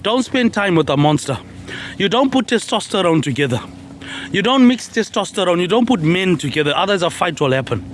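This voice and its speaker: A man with a notably high voice talks in a free-flowing improvised monologue. He rambles from thought to thought, repeats set phrases and tacks "mate" onto the end of many lines. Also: big pitch swings, fairly quick, slight background noise. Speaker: social media personality.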